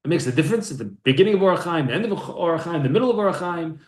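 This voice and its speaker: A man teaching a Torah class from texts, his voice a touch high and climbing sharply when he stresses a point. He poses questions and then answers them himself. The sound carries a noticeable echo from the room. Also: expressive, quick pace. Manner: explains sources aloud, rises in pitch for emphasis, asks and answers his own questions. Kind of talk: text-based Torah class. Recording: echoey room.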